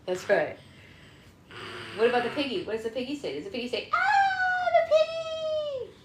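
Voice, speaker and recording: Fast and lively with a fairly high pitch, a woman reads to her book club live from home while playfully baby-talking with her toddler. It's a phone livestream in an echoey room with a noisy background.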